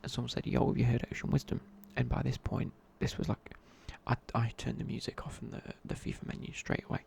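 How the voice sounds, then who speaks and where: Gravelly whispering man, whispered ASMR chat. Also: mid-range voice, little pitch movement, fast, darkish tone, slight background noise. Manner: rambling, casual, many fillers and restarts. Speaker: ASMR creator.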